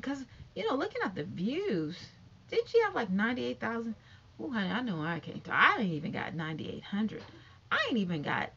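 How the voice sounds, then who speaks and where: Woman, high youthful voice, lively sassy gossip vlog, husky edge, dull lo-fi sound. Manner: chatty, sassy, animated, talks straight to viewers. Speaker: YouTube commentator. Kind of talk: casual gossip commentary to camera.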